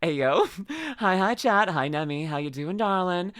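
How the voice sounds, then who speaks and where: A woman's voice: lowish voice, very animated, a little slow, fairly bright tone, dry recording. A young Canadian woman with a Canadian accent, chatting casually with viewers on a livestream, bubbly and giggly, calling people darling and bud. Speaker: VTuber streamer.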